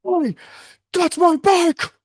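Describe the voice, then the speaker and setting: A man voicing his panicked young friend on the phone, breathless and frantic, yelling in a high strained voice. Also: drawn-out words, vocal fry, dry recording, clean studio sound, exaggerated voice. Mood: shouting.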